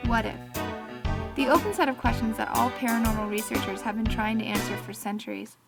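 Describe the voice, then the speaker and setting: A woman giving a deliberate, ominous scripted narration. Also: fairly high pitch, fairly even intonation, gravelly. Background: strong background music.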